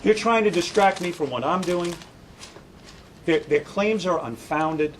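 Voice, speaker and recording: A man's voice: high voice, animated, measured pace, a little hiss or hum, poor audio. A middle-aged man, a radio broadcaster, giving an indignant, sarcastic statement and taking questions at a press conference.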